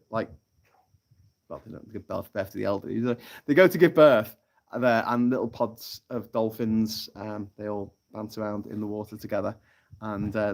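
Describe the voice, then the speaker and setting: A man's voice: fairly low pitch, darkish tone. A man hosting a casual live stream from a tropical island, reading out chat comments and telling sweary jokes. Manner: chatty and sweary, telling jokes with lots of laughter. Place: off-grid tropical island, from a hammock.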